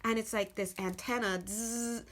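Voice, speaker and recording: A woman's voice: mid-range voice, normal speed, a bit bright. Earnest woman giving an intuitive tarot reading. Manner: earnest, channeling spirit messages with frequent restarts. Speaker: tarot reader.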